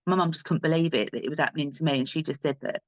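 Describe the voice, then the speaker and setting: Fast-talking earnest woman guest. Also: low-pitched, dry recording, lo-fi sound. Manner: earnest, driven, repeats herself for emphasis. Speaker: podcast guest. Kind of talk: candid interview talk.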